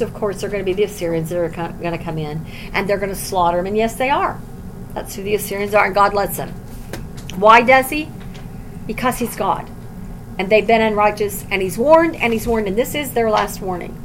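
Lady teaching bible verses, high voice, goes loud then real quiet, explains it plain. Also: expressive, moderate pace, a little hiss or hum, rough recording. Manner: reads scripture aloud then explains it plainly; dramatic swings between loud emphasis and low quiet asides.

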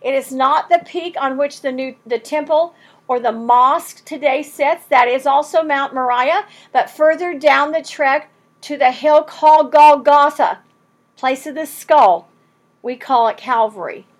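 A woman teaches through a Bible passage verse by verse, emphatic and animated, acting out the quoted lines. Her voice is high-pitched, and she speaks a little slowly.

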